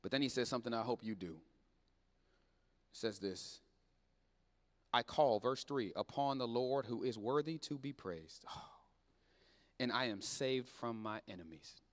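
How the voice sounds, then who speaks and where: A man preaching a sermon in church, dropping low and quiet then building up loud and fervent. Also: animated, a little slow, long pauses, in a large hall. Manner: swings from low and quiet to loud and shouting, plain Southern-leaning speech.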